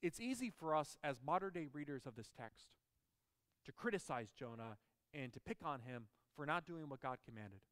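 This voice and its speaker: A man's voice: a little high, animated, normal speed, a bit bright, smooth, big-room sound. A man preaching a sermon as pastor, emphatic and putting questions to the congregation.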